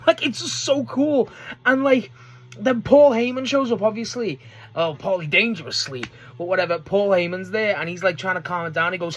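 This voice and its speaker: A young man chats casually through a wrestling match recap, and his voice sits high. He gets excitable and swears often, and he jumps into shouted impressions of the promos. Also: moderate pace. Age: young adult. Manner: excitable, swears a lot, acts out promo quotes. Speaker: wrestling video host.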